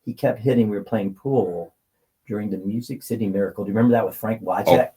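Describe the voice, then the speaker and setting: Husky-voiced man telling an emotional story. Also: lowish voice, quick pace, mellow, low-quality recording. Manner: rambling, filler-heavy, emotional. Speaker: guest.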